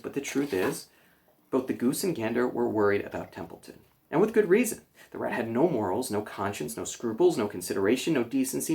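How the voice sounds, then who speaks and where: Guy reading a kids chapter book, gentle storytelling, bit of gravel in his voice. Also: medium pitch. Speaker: children's librarian reader.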